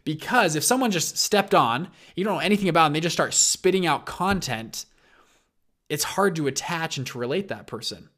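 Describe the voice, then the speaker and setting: A man's voice: on the high side, moderate pace. A man hosting a show, casually retelling stories and acting out the quoted lines. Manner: animated, acts out quoted lines, frequent restarts. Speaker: show host. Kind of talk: casual storytelling talk.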